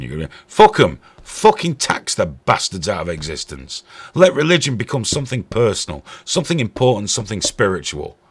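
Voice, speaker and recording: A man's voice: medium pitch, breathy edge. A man hosting a stream with angry, profane, sarcastic ranting commentary. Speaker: host.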